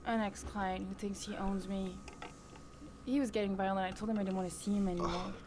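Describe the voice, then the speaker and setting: Actress doing a quiet, worn young woman in a video game; clicky game audio. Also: medium pitch, steady tone, brisk, background noise, natural voice. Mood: weary. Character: young woman troubled by a violent ex-client.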